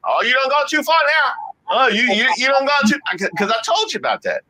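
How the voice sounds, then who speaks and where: Animated woman reacting to clips. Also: high voice, fairly quick, background noise. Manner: emphatic, repeats phrases, talks to viewers. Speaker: commentary host. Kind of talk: reaction commentary on viral clips.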